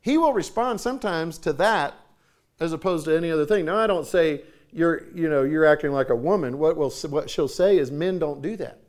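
A man preaching a sermon in a storytelling manner, often clearing his throat. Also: a little high, fairly quick.

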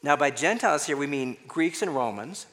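This pastor's voice is a little high, expressive and a bit bright, moving at a moderate pace. He reads scripture and explains it conversationally in an expository sermon, the church sanctuary adding long hall reverb.

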